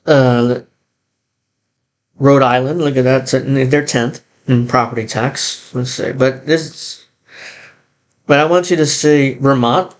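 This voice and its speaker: A man talks through a video in loose, casual reaction commentary. He is blunt and animated, cursing freely and breaking into laughter, with a mid-range voice at an everyday pitch. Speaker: YouTube commentator.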